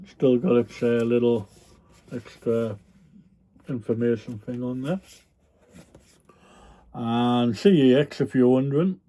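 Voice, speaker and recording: Slow and mellow, pausing often, a medium-pitched reseller vlogger chats casually with viewers about the goods he resells. His rambling talk includes frequent ums and the odd yawn.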